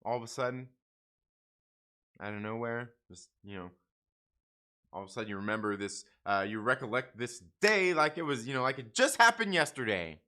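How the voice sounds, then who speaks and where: Middle-aged guy ranting on a livestream from home, bright edgy voice, blunt and sweary, keeps restarting. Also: medium pitch, animated, moderate pace. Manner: blunt, rambling, profane, restarts often. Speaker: comic book channel host. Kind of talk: casual livestream rant.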